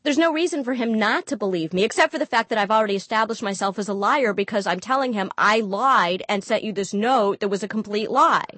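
A woman telling a personal story in an interview, candid and animated, acting out the dialogue she quotes. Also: mid-range voice, a little fast, few pauses, dry recording. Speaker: guest storyteller.

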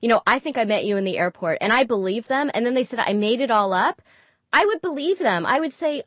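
A woman with a fairly high voice recounts a personal story, candid and animated, acting out each bit of quoted dialogue. The recording is dry and close, with no room sound. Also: a little fast, no room sound. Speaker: guest storyteller.

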